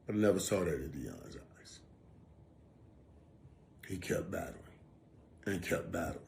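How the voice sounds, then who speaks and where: A man's voice: sits low, animated, unhurried, gravelly, darkish tone, slight background noise. A former football player talking casually and from the heart. He often repeats phrases to stress them. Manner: emphatic, repeats phrases for weight.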